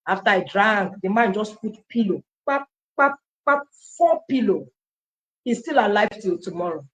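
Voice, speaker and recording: A Nigerian woman telling her personal story in an animated testimony style, acting out dialogue and slipping into Pidgin phrases. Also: mid-range voice, normal speed, lo-fi sound.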